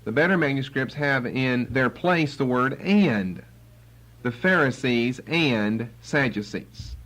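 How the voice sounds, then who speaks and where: A man's voice: mid-range voice, a little slow, poor audio. A man teaching the Bible verse by verse, acting out the quotes with sarcasm. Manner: animated, acts out quotes with sarcasm.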